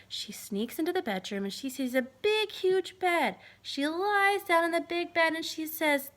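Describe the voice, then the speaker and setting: A woman telling a children's fairy tale aloud with an animated delivery, sometimes dropping to a whisper. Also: very high-pitched, measured pace, hardly any pauses. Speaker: storyteller. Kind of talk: reading a children's story aloud.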